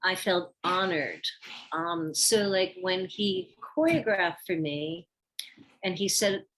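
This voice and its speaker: A woman's voice: lowish voice, slow pace, slight background noise. An older woman, a former ballet dancer, telling stories from her career in a casual interview, acting out the lines of people she quotes. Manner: animated storyteller, acts out quoted lines.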